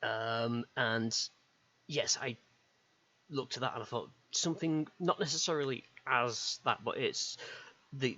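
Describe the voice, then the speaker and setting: Low-voiced man rambling on a lo-fi mic. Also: sharp tone. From United Kingdom. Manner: rambling, hesitant, many ums. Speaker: streamer. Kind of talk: casual rambling chat while drawing. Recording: dull lo-fi stream mic with faint hiss.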